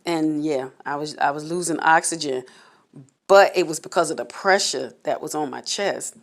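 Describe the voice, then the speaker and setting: A woman vlogger candidly recounting a personal experience to camera, halting and repeating words as she goes. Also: sits low. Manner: candid, halting, repeats words while telling her story.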